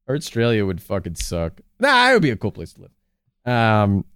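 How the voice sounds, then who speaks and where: A man co-hosting a podcast, his voice climbing and dipping in a lively, loose way. He swears freely and laughs easily as he chats. The sound is close and dry, with no room around it. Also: fairly low pitch, slow, clean tone, no room sound. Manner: animated, swears a lot, breaks into jokey put-on voices. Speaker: podcast co-host. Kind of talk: casual chat.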